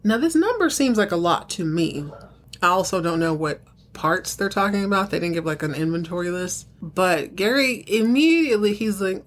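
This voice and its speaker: A young adult woman hosts a casual solo podcast, chatting through a recap of a TV soap episode with playful asides and acting out characters' lines in higher voices. Her delivery is expressive at a moderate pace.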